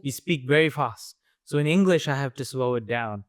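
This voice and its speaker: A man co-hosting a casual podcast chat, playful and quick to slip into mock accents. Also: mid-range voice, animated, dry recording, clean studio sound. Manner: playful, slips into put-on accents. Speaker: podcast co-host.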